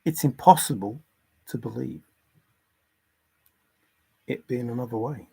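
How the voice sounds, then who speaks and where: A man's voice: medium pitch, a little slow, vocal fry, mellow, breathy edge. Earnest man hosting a casual livestream. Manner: earnest, insistent, reads viewer comments aloud. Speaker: livestream host. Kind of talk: casual livestream talk on religion.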